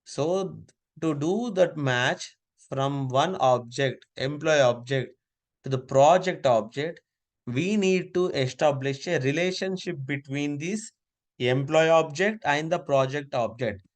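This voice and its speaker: A man's voice: fairly high pitch, takes it slowly. Man teaching an online class. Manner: repetitive, step-by-step instructing. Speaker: instructor. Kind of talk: live online class walkthrough. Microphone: video call.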